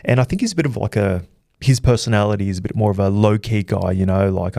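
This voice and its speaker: Brief: male host, low voice, casual rambling recap, dry close mic. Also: quick pace, creaky, dark tone, no echo. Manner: chatty storyteller, many fillers and restarts. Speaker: boxing channel host.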